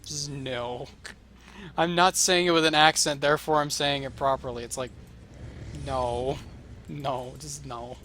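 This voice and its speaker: Young male streamer, sarcastic and swearing, bright edgy voice, faint hiss behind. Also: a little high, fairly even intonation, unhurried. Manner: sarcastic, profane, rambling. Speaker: gaming streamer. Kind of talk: casual gameplay commentary.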